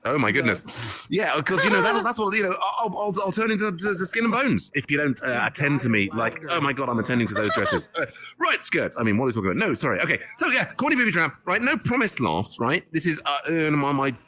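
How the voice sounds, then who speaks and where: Man, stand-up host, rapid chatty self-mocking delivery, slightly high voice. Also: big pitch swings, crowd noise. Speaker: comedian hosting a comedy night. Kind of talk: rambling improvised stand-up. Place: virtual reality social space. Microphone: VR headset mic.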